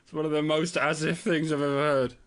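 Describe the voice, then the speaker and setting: A man's voice: a little high, level tone, fairly quick, a bit bright. A man co-hosting a podcast, mocking and teasing with laughter and profane jokes. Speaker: podcast co-host. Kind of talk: casual comedic commentary.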